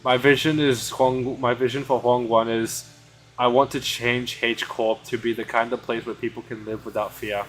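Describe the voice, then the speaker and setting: A man's voice: medium pitch, little pitch movement, normal speed, fairly bright tone, soft background music, low-quality recording. Man streamer, reads game text aloud, casual asides, some stumbles. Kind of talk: reading game dialogue aloud.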